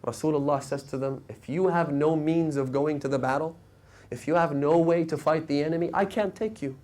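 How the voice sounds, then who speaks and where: Impassioned male preacher, higher voice. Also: brisk. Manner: storytelling, rising to emotional peaks and dropping to hushed tones. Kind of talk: sermon lecture. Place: mosque lecture hall.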